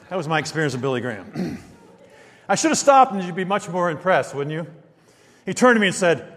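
Older male pastor, high voice, echoing hall. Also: big pitch swings, fairly quick, pauses often, a bit bright. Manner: conversational storytelling with acted quotes. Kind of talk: sermon.

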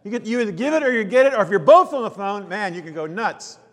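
A male pastor with a fairly high voice preaches in a relaxed, conversational way. He asks the congregation questions and acts out everyday chatter. His voice carries a long reverb from a church hall. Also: fast talker. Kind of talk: sermon.

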